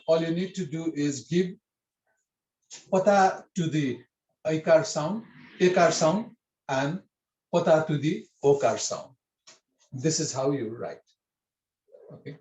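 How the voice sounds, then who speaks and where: A man teaches a writing script over a video call, going slowly and patiently through each letter with plenty of fillers and repeats. His voice sits a little high. The sound is echoey, as in a bare room. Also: a little mellow. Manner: patient, repetitive explaining with many fillers. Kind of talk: online language lesson.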